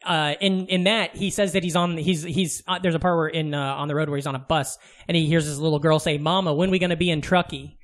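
High-voiced man spinning a rambling story. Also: fairly even intonation, quick pace, fairly bright tone. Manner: rambling storyteller, swears freely, full of fillers and restarts. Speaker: podcast co-host. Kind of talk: casual podcast chat.

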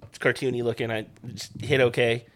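A young man chatting on a podcast, telling a story in a loose way with lots of "like" and casual swearing. His pitch is ordinary, and he speaks at an easy conversational pace. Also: little pitch movement, fairly quick, fairly bright tone, slight background noise. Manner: rambling storyteller, many "like" fillers, swears. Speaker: podcast co-host. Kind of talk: casual chat.

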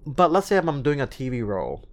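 A man talking earnestly and with animation as an interview guest, with a light hint of a non-native lilt in his speech. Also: medium pitch. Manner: earnest, animated, quick to slip into other voices. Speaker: guest, singer and actor. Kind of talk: casual interview talk.

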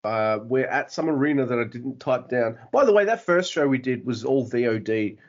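Easygoing man with lively voice. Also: medium pitch, moderate pace, muffled recording. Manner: easygoing, hesitant with many uhs. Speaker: podcast host. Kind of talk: casual podcast chat.

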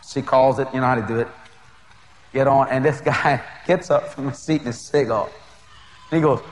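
A male preacher telling a story during a sermon, animated and often laughing as he goes. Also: mid-range voice, a little fast, a little hiss or hum.

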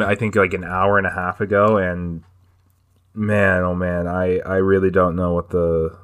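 A man's voice: deep voice, a bit bright. A man co-hosting a podcast, chatting casually about movies, swearing and laughing often as he rambles. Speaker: podcast co-host.

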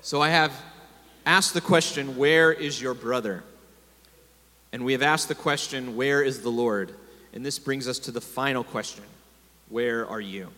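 A man's voice: medium pitch, measured pace, bright, forceful tone. Preaching man in a reverberant hall. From America. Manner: preaching with call-and-response to the congregation. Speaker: pastor. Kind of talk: sermon. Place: congregation hall.

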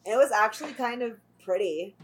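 A woman co-hosting a podcast in casual chat, blunt and quick to laugh. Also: a little high, slightly rough. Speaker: podcast co-host.

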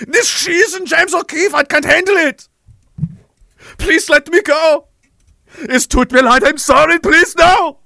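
A man putting on a high, shouting voice for a panicking male soldier who begs to be let go. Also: slow, gravelly, pauses often, dry recording, clean studio sound, full character voice. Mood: panicked. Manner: shrill, high, shouted pleading.

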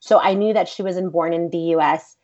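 A woman from Texas, an actress telling stories in a casual interview, animated and rambling with lots of fillers. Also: fairly low pitch, a little fast, dull audio. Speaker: actress guest.

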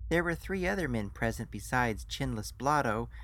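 Male narrator, mid-pitched, dry first-person storytelling for an audiobook. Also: lively intonation, moderate pace, fairly bright tone.

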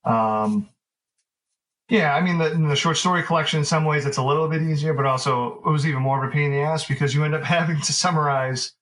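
A man being interviewed as an author, talking in a relaxed, rambling way with lots of fillers and restarts. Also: on the high side, fast talker, low-quality recording. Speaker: author guest. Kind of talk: casual interview conversation.

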